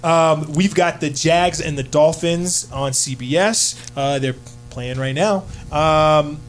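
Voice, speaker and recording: A man's voice: a little high, slow pace, a little hiss or hum. A man hosting a casual sports radio show in a studio, upbeat and filler-heavy, hyping up his co-hosts. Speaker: sports talk show host.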